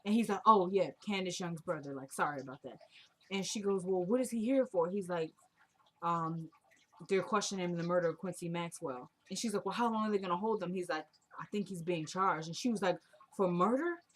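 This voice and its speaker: A woman's voice: fairly low pitch, brisk, a bit bright. A woman casually recapping a TV drama episode, retelling the scenes and quoting the characters in a chatty, opinionated way.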